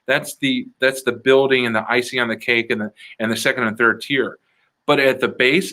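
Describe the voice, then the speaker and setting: An improv comedian from the Chicago area talking through his craft in a relaxed, earnest way. His tone is bright and clear, and his pitch sits in the middle. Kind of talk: casual interview answers.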